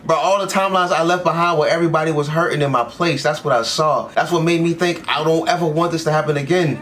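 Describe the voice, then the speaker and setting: A man's voice: on the high side, quick pace, few pauses, fairly bright tone. A man hosting an anime reaction video, talking in casual slang, reading subtitles aloud and laughing often.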